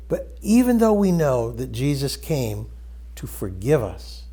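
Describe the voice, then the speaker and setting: A man's voice: mid-range voice, very animated, measured pace. Rambling male storyteller. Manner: rambling storyteller, many restarts, voices quotes softly. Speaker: host. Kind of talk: casual spiritual talk, retelling a story.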